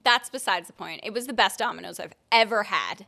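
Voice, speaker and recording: A woman's voice: mid-range voice, a little fast, gravelly, sharp tone. A young woman from Long Island co-hosting a podcast, telling a story in a bubbly voice with frequent laughs. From Long Island, New York. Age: young adult. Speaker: podcast co-host. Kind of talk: casual chat.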